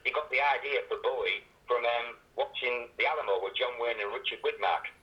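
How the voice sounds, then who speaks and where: A quick-talking man tells rambling stories as a radio guest. His voice comes through a dull, lo-fi phone line. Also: mid-range voice. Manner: rambling, anecdotal. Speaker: guest, author of a memoir. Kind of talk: casual interview.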